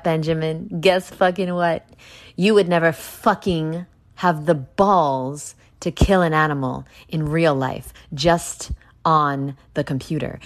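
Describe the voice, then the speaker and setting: Low, slow-talking woman ranting on her podcast. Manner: ranting and profane, swinging between hushed and loud. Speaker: podcast host. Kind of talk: solo podcast monologue.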